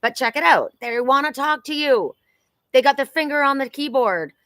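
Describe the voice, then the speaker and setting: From her home in Sedona, a woman who is a psychic card reader hosts a live-streamed oracle card reading, speaking chatty and exclamatory straight to her viewers. Her voice is high and a bit bright, with lively intonation and a moderate pace, on a dry recording.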